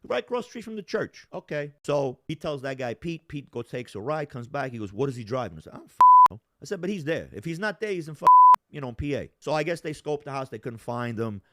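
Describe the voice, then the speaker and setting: Man, casual storytelling, swears a lot, acts out voices, sharp bright tone, animated delivery. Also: on the high side, quick pace. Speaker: storyteller guest.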